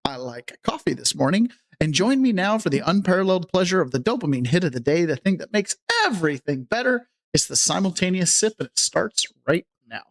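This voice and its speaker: A man's voice: high voice, brisk, vocal fry, few pauses. A man hosting a casual political talk podcast, joking and sarcastic as he greets viewers in the chat. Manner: animated, joking, sarcastic, reads chat aloud. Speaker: podcast host.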